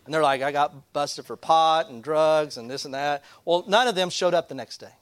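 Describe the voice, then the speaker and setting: A man's voice: on the high side, normal speed, smooth, no echo. A man who is a pastor telling a funny personal story, acting out the people in it. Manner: animated storyteller, acts out other people. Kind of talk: storytelling sermon.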